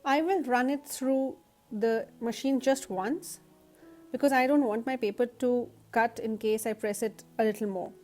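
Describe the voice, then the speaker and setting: Woman, husky and stuffed-up nasal, pitched a little high, friendly step-by-step craft tutorial host. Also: measured pace, dark tone, soft background music. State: nasal from allergies. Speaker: card-making tutorial host.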